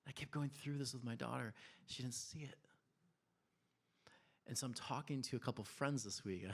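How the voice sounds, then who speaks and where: Storytelling pastor, man with a low voice. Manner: conversational storytelling, animated, with laughs and quiet asides. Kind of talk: sermon. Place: church.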